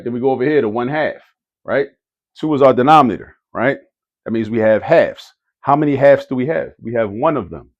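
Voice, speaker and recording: Man teaching math, repeating key words. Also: mid-range voice. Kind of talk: casual math lesson. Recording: dull lo-fi audio.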